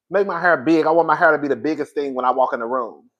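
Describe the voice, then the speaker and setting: Sassy male reviewer, slightly high voice, animated and laughing. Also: lo-fi sound. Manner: sassy, animated, laughing often, drags words for effect. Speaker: reality TV reviewer. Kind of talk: casual reaction commentary.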